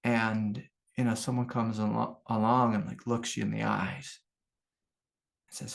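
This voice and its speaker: A man's voice: lowish voice, flat delivery, unhurried, vocal fry. A middle-aged American man, a meditation teacher, giving an informal, rambling spiritual talk full of anecdotes and fillers. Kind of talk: casual spoken satsang talk.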